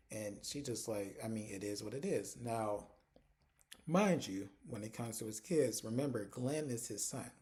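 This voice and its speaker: A man casually recapping a TV drama episode, chatty and animated, acting out the characters' lines as he goes. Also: medium pitch. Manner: casual, uses "like" and "y'all" a lot. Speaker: TV recap host.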